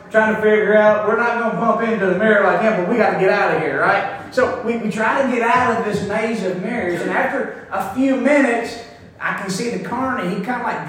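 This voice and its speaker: High-voiced preacher, echoey and distant. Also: male voice, fairly bright tone. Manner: conversational, repeats words, laughs at own stories. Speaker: pastor. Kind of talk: sermon. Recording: echoey room from far off.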